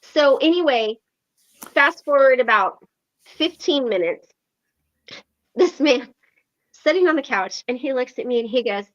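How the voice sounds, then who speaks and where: A woman's voice: high-pitched, a little slow, long pauses, highs cut off. A woman telling a story on an online meeting, acting out the quoted lines with lots of fillers. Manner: animated, acts out quoted lines, frequent fillers. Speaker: recovery meeting host. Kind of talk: casual storytelling.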